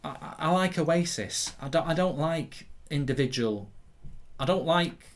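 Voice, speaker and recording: A man hosting a live football watchalong stream, his voice sitting a bit higher than most men's. He rambles loosely, reading out viewer comments and wandering off into anecdotes. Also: animated, unhurried. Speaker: host. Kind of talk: live match watchalong chat.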